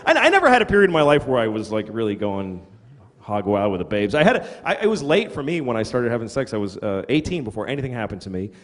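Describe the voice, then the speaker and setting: A man's voice: medium pitch, big pitch swings, fast talker. A middle-aged man performing stand-up comedy, telling crude, self-deprecating stories and acting out quotes. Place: comedy venue stage. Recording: reverberant hall with audience noise. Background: audience laughter.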